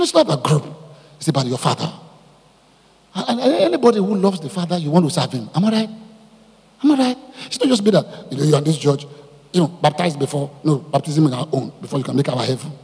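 A man preaching a sermon to his congregation as their pastor, animated and often putting questions to the listeners. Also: fairly high pitch, fast talker, gravelly, slightly rough, long reverb tail. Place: church hall.

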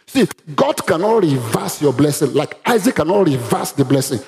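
Animated Nigerian pastor, lively pitch. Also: male voice, moderate pace, hardly any pauses. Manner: animated preaching with sudden loud rises. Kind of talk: sermon with Bible reading.

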